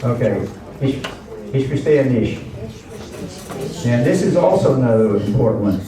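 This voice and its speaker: A man's voice: medium pitch, lively intonation, a little slow, long pauses, a crowd in the background. A man teaching a language class in a chatty way, repeating words and explaining them with asides. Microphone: camera mic at a distance. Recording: very echoey room, distant camera mic.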